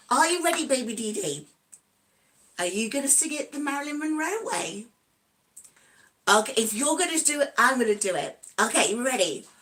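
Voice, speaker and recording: A woman's voice: sits high, fairly bright tone. A woman in her sixties hosting a casual live stream, chatty and cheerful, giggling often and greeting viewers by name. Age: 60s. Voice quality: giggly, breaks into snatches of song.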